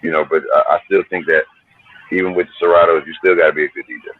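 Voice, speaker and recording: A man's voice: rumbling low, little pitch movement, quick pace, narrow, tinny audio. A middle-aged man from New Jersey, a hip hop artist telling stories in a laid-back, slangy, profane way. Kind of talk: casual storytelling interview.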